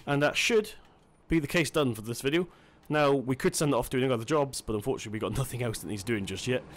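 A man's voice: medium pitch, fast talker, a little hiss or hum. A man giving casual let's-play commentary, chatty and self-deprecating, thinking aloud as he plays. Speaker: gaming channel host.

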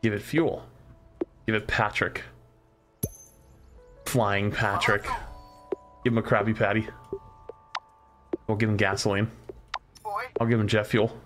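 A man's voice: lowish voice, flat delivery, a little slow, long pauses, music in the background. A man streaming a crafting game, musing aloud as he tries one combination after another. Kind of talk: casual live-stream commentary.

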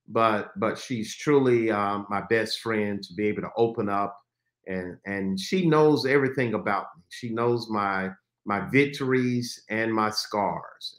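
A man's voice: lowish voice, fairly bright tone. A man hosting a talk show as a pastor, speaking in an earnest, preacher-like cadence. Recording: roomy studio echo.

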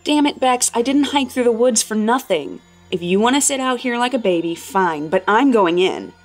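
Woman narrator as a defiant teen girl in a horror story: high, loud, pushy. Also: animated, moderate pace, faint music behind, close to an everyday voice. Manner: pushy, scoffing. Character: bold, impatient teenage girl, the best friend.

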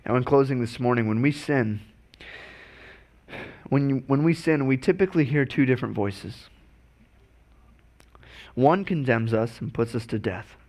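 A man's voice: medium pitch, animated, measured pace, pauses often, darkish tone. Male pastor, sermon delivery, earnest, restarts and repeats words.

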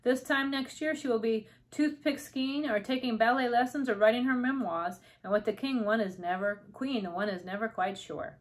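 A woman's voice: fairly high pitch, normal speed, hardly any pauses, close to an everyday voice. A woman reading as a polite little doll king. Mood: gentle, courteous. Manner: formal, courteous speech. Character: tiny courtly male doll king, gentle, polite.

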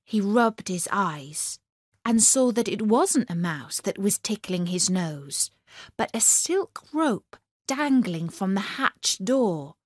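A woman narrating a children's story for English learners in a clear, expressive way. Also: medium pitch, takes it slowly, no echo, studio quality.

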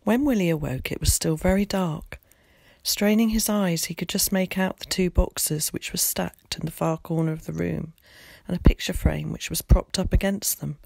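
A woman's voice: fairly low pitch, creaky, dry recording, clean studio sound. Woman teacher reading a story aloud. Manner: expressive, measured storytelling. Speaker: primary school teacher.

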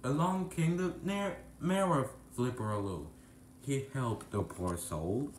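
A man's voice: medium pitch, expressive, slow, reverberant, a little hiss or hum, poor audio. A man narrating a rhyming storybook tale in a sing-song delivery.

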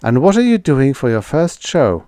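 A man voicing a sharp-tongued young woman secretary who answers in curt, acid retorts. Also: mid-range voice, sing-song, normal speed, no echo, clean studio sound, pitched above the performer's own voice, natural voice. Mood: tart.

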